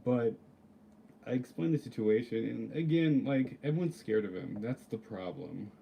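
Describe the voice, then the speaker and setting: A man's voice: mid-range voice, lively intonation, normal speed, vocal fry, mellow, a little hiss or hum. A man ranting casually to camera, rambling and swearing, with lots of filler words. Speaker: vlogger. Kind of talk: casual storytelling rant.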